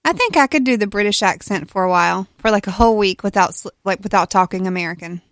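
A woman's voice: medium pitch, fast talker, no room sound. Playful female radio co-host, dry close mic. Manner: playful, asks questions. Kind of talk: morning radio chat.

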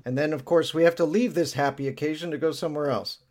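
A man's voice: on the high side, fairly even intonation, fast, darkish tone. Upbeat male podcast host. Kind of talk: casual chat and story recap.

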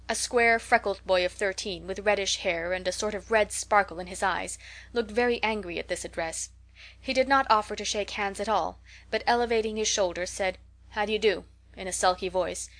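A woman narrating a classic novel as an audiobook, in steady, even storytelling. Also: medium pitch, moderate pace. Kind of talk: scripted narration.

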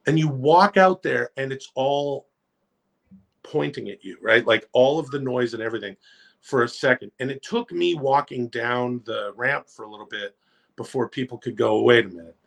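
A man casually telling rambling, profane, animated anecdotes as a podcast guest. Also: medium pitch, moderate pace, vocal fry. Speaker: guest storyteller.

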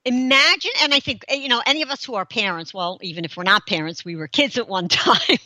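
A woman's voice: fairly high pitch, fairly quick, pushed and bright, no room sound. A middle-aged woman hosting a talk show, chatting casually, laughing often and explaining with everyday examples. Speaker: host.

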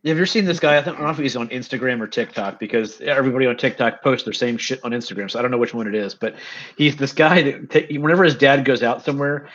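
A man's voice: mid-range voice, fast talker, fairly bright tone, highs cut off. A man in casual conversation who laughs often while telling funny stories. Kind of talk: casual chat.

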